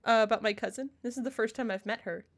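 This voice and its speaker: A woman's voice: fairly high pitch, fast talker. A woman playing a story game, reading its narration aloud and chatting between lines in a giggly, chatty way. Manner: giggly, chatty, reads narration then comments. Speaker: let's-play streamer. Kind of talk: casual game playthrough, reading game text aloud.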